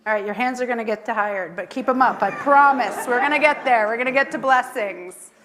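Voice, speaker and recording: A woman's voice: on the high side, a little fast, crowd noise. A woman rabbi leading a worship service in a synagogue, speaking tenderly and chanting Hebrew blessings. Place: synagogue sanctuary.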